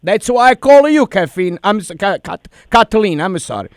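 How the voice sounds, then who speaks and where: A man's voice: high-pitched, sing-song, normal speed, smooth, no echo, clean studio sound. A man doing a prank call in a put-on heavy Italian accent, rambling in broken English and mixing up his words.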